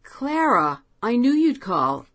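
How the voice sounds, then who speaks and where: A woman's voice: fairly high pitch, very animated, slow pace, a bit bright, no room sound, voice pushed up, exaggerated voice. A woman voicing an anxious woman friend who calls late at night, stammering and apologetic. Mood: worried.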